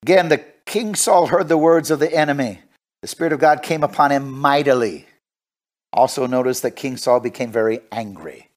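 A male preacher giving a radio sermon and reading scripture aloud, swinging from hushed asides to loud, fervent preaching. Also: mid-range voice, normal speed.

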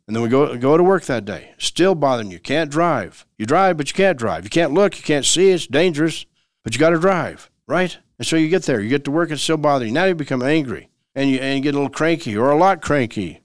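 A man's voice: on the high side, lively intonation, fairly quick, no echo. Emphatic male lawyer host, dry sound. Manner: emphatic and repetitive, acts out everyday dialogues. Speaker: lawyer hosting a legal radio show. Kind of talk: conversational legal advice talk.

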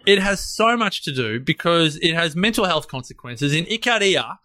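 Bright, enthusiastic man. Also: on the high side, expressive, normal speed. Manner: enthusiastic, playful hyperbole. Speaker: podcast co-host. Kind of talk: casual podcast chat.

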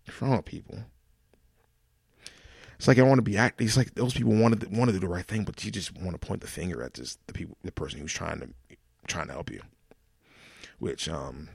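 A man's voice: low-pitched, fairly quick, gravelly, pauses often, a little mellow, husky, dry recording, studio quality. A man hosting his own podcast, ranting alone in a profane, exasperated way with many restarts. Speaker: podcast host. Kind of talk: solo ranting monologue.

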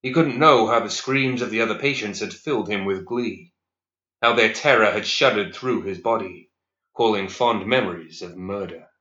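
A man with a lowish voice narrates a dark story as a scripted audiobook, keeping his storytelling measured and even. The recording sounds echoey and somewhat dull.

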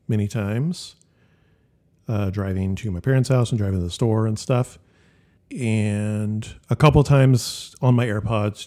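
A man with a mellow, warm tone talks through his opinions in a laid-back, rambling way. He is co-hosting a casual music podcast, restarting sentences as he goes. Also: lowish voice. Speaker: podcast co-host.

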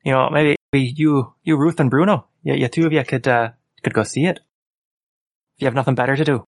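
A man with an ordinary mid-pitched voice who plays a tabletop game and speaks in a hesitant, halting way. The recording is dry, with no room echo. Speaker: player. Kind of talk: playing a tabletop game in character.

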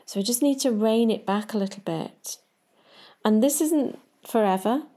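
A woman riding coach giving calm, measured advice straight to the listener in a podcast talk. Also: fairly high pitch.

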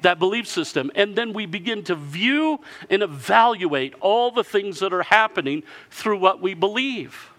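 A man preaching a sermon, telling a story with lively delivery and answered by the congregation. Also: high-pitched, moderate pace, few pauses. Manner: lively storytelling, acting out villagers in character.

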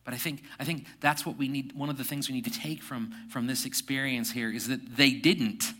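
A middle-aged male pastor preaching a sermon, alternating emphatic rising bursts with hushed, reflective passages. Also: mid-range voice, steady tone, fairly quick, hardly any pauses. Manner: drops to soft, hushed reflection.

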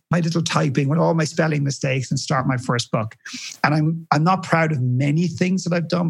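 A man speaking as a guest coach in a podcast interview, telling a story in an animated way and acting out the voices he quotes. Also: fairly high pitch, gravelly, breathy edge.

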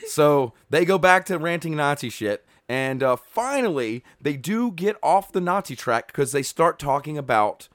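A man's voice: fairly high pitch, sing-song, moderate pace, hardly any pauses, fairly bright tone, no room sound, clean studio sound. A man hosting a podcast, recapping clips in casual, sarcastic, profane commentary. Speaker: podcast host.

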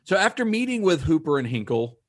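A man co-hosting a podcast, retelling researched history in a casual, steady way with dry asides. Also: a little high, fairly quick. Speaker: podcast co-host.

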